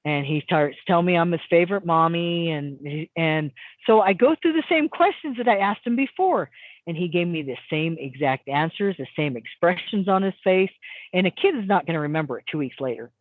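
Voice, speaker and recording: A middle-aged woman, a hypnotist, telling a story as a guest in an interview, acting out quotes with sudden jumps in pitch and often repeating words as she restarts. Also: fairly quick, no room sound. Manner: animated, acts out quotes with big pitch jumps. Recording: dry tinny phone-like sound.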